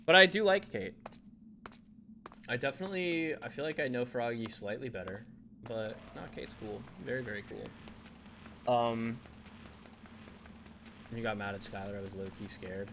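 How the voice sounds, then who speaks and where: A man's voice: mid-range voice, moderate pace, long pauses, noisy background. A young man, chatting casually with his viewers while playing a game on a live stream, laughing often and answering chat.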